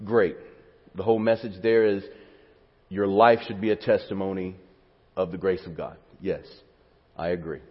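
Male preacher, husky voice, long hall echo, swings from calm teaching to fervent pleas. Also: low voice, normal speed, pauses often. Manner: builds to fervent, rising pleas, then drops to quiet teaching. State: near tears. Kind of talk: sermon. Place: church sanctuary. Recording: dull sound with long hall reverb.

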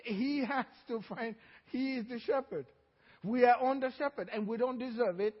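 A man's voice: very high voice, long reverb tail, dull audio. A man preaching a sermon as pastor, drawing out key phrases and calling on the congregation to answer. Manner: preaching with call-and-response, drawn-out emphatic phrases. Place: church hall.

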